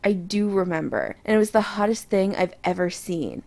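A woman voicing an eager, passionate adult man in an audio story, with a breathy, intimate delivery. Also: mid-range voice, very animated, moderate pace, a little mellow. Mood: playful.

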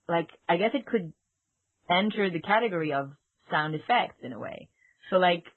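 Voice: medium pitch, no room sound. A podcast co-host in casual chat, thinking aloud in a meandering way with many fillers. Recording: dry tinny call line.

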